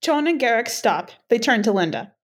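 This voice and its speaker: A woman reading a comedy sketch's stage directions, deadpan with giggles between. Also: fairly high pitch, normal speed. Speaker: narrator of sketch.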